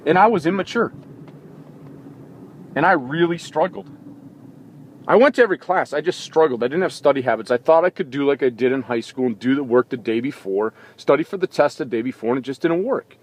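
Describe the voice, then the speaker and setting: A man's voice: fairly high pitch, animated, fairly quick. A man hosting a sports talk show, giving an impassioned opinion monologue full of indignant rhetorical questions, recorded in a vehicle.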